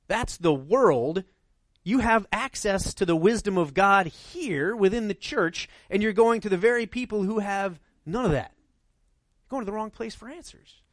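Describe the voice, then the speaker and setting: A man's voice: high-pitched, no room sound. A middle-aged male pastor preaching a sermon in a conversational way, often checking in with "right?".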